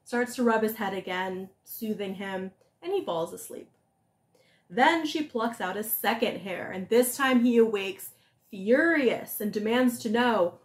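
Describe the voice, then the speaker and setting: A woman's voice: medium pitch, a little slow. Woman telling a fairy tale casually. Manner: lively, conversational. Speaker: storyteller. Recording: echoey room.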